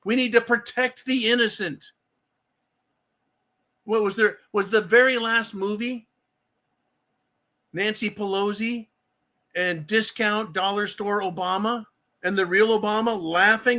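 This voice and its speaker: Male commentator, high bright voice, profane and heated, sarcastic rant delivery. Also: fairly even intonation, a little slow, pauses often. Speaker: political commentator. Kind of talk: angry political rant.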